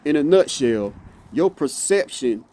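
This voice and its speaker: This man, a motivational speaker, has a mellow, sing-song voice on the high side and keeps a measured pace. Speaking passionately and off the cuff, he repeats himself, trips into restarts, and returns again and again to "you see what I'm saying."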